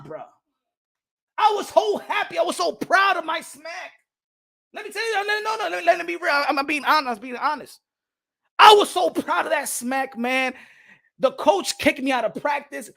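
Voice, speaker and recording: Animated man telling a story. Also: very high voice, creaky. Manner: emphatic, repeats phrases, acts out quotes loudly. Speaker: boxing podcast host.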